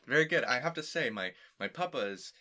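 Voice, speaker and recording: A man from Canada hosting an interview show, friendly and upbeat, quick to praise his guest. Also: mid-range voice, animated, pushed and bright, a little hiss or hum. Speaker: show host. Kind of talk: casual interview chat.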